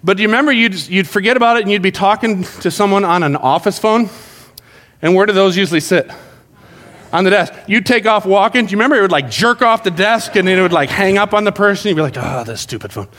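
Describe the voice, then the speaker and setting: Middle-aged male pastor, animated and joking; high voice ringing through a big hall. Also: quick pace. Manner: animated, joking storyteller acting out quotes. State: out of breath. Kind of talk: sermon. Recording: long hall reverb.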